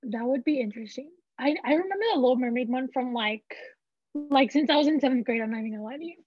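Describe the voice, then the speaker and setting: A woman's voice: high voice, fast, dry recording, highs cut off. A teenage girl in her senior year, rambling frankly in casual chat. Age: teens. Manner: rambling, frank, filler-heavy. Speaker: teen panelist.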